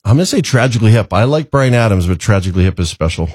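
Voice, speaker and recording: Role: male guest, radio co-host. Style: casual, wisecracking, lower voice with lively swings. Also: husky, dry recording, clean studio sound. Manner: jokey, quick wisecracks. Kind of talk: casual chat.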